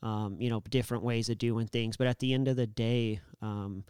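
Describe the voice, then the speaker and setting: Man, podcast guest, very clear voice, flat delivery, halting, earnest, casual chat. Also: mid-range voice, no echo, studio quality. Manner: halting, many fillers and restarts, earnest. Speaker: guest, business owner.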